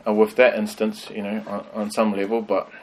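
A man teaching a conversational Bible study, thoughtful and pausing with frequent ums. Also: fairly low pitch, level tone, darkish tone, a little hiss or hum, rough recording.

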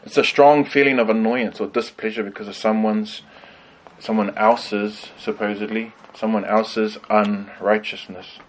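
A man teaching a conversational Bible study, thoughtful and pausing with frequent ums. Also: on the low side, steady tone, low-quality recording.

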